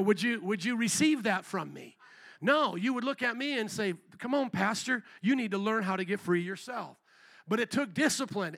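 Male pastor, high bright voice, animated storyteller preaching in church. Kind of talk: sermon. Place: church sanctuary.

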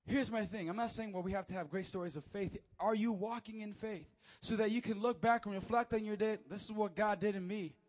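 A young man preaching a sermon from a church stage, animated and acting out the quotes as he tells the story. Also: sits high, brisk, few pauses. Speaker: pastor. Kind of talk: lively sermon. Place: church stage before a congregation.

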